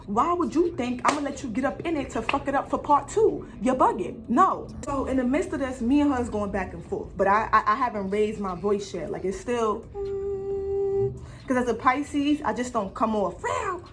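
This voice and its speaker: A woman telling a story on her vlog in an animated way, full of swearing and slang. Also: sits high, normal speed, a little hiss or hum. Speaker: vlogger.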